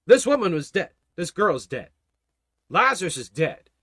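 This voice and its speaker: A man's voice: high-pitched, big pitch swings, normal speed, fairly bright tone, husky, dry recording. A man teaching a Bible study, preaching emphatically and fervently and repeating his key phrases.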